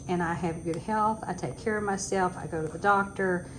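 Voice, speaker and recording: This vlogger, a retired teacher in her sixties, rants casually at home in a lowish, fairly even voice at normal speed, barely pausing. She comes across as talkative and exasperated, with sarcastic asides, and background noise is noticeable.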